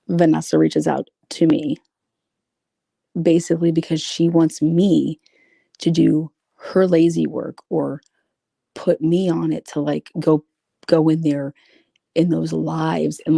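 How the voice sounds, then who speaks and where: A woman's voice: sits low, steady tone, a little slow, vocal fry, warm tone, slightly rough, no echo, studio quality. A woman reading out private messages and commenting on them in a blunt, profane, sarcastic way. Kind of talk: casual commentary reading screenshots.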